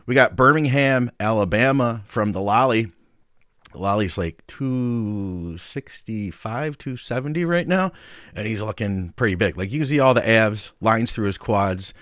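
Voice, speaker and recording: A man's voice: fairly low pitch, animated, unhurried, a bit bright, dry recording, clean studio sound. Chatty American man hosting a live stream. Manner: upbeat, chatty, reads out viewer comments. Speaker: podcast host and coach. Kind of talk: casual live-stream chat.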